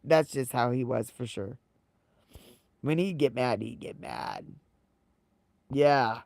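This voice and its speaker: A woman's voice: a bass voice, slow pace, gravelly, darkish tone, no echo. Woman streamer rambling thru a story, says stuff twice, dry close sound. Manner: rambling, repeats phrases often. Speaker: live streamer chatting with viewers. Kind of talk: casual livestream storytelling.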